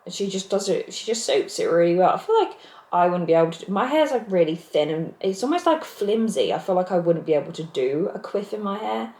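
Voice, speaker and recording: A woman's voice: on the low side, big pitch swings, fairly quick, mellow, echoey room, low-quality recording. A young woman, pregnant and out of breath, talking candidly and rambling to her camera while seated at home. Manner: candid, rambling, self-interrupting. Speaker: vlogger. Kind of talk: casual confessional vlog. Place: home, seated on a squeaky chair. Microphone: camera mic.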